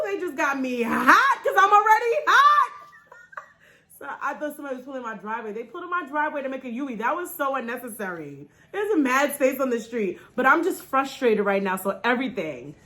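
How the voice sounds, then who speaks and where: A woman's voice: brisk, faint music behind. A woman in her thirties, from New York, talking casually to camera in a vlog, nervous and joking before a dental procedure. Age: 30s. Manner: chatty and joking, lively swings in pitch. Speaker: vlogger.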